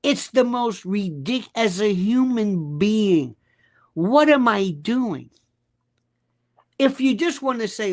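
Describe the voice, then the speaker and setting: Big swings in pitch mark this high male voice, which moves a little slowly. He's a U.S. guest commentator launching into an animated political rant, sarcastic and emphatic, skipping from topic to topic.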